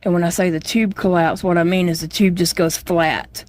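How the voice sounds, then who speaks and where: A woman's voice: lowish voice, steady tone, moderate pace, a little mellow, no echo. A middle-aged woman, telling her own story in a casual vlog chat, plainspoken and rambling with many fillers. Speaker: chronic illness vlogger.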